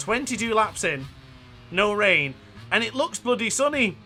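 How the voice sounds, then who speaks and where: A man with a northern English accent giving chatty, excitable gameplay commentary while racing, laughing often. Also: sits high.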